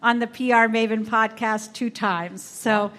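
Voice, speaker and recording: Bubbly woman podcast host, high voice, warming up a live audience on a handheld mic. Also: steady tone, unhurried. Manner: bubbly, laughs often. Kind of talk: live event speech. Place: event room with live audience. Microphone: handheld microphone.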